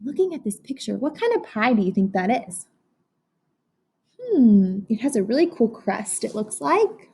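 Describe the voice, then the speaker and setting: A woman's voice: a little high, very animated, normal speed, warm tone, husky. Sing-song woman teaching young kids. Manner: sing-song, encouraging, talks to kids as if they can answer. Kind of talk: read-aloud phonics lesson for young children.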